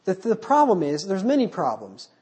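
A man's voice: sits high, wildly swooping pitch, normal speed, warm tone, slightly rough. A man preaching a verse-by-verse Baptist sermon without notes, reading scripture aloud and asking his listeners rhetorical questions. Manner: unscripted, poses rhetorical questions.

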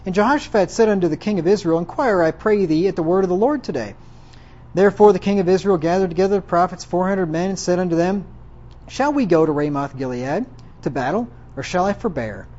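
A preacher reads Bible verses aloud, then retells them in plain, slangy everyday language. His voice is high-pitched and a little mellow, fairly quick with lively intonation, captured in dull lo-fi sound.

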